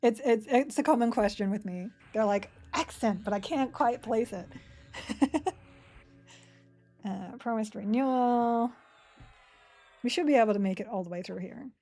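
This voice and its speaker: A woman in her forties from Sydney with an Australian accent softened by years in America, chatting casually with her audience while she plays a game and answering chat between moves, her throat a bit dry. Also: on the high side, unhurried, pauses often, soft background music. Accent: Australian, partly Americanized. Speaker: game streamer. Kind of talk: casual live-stream commentary while playing.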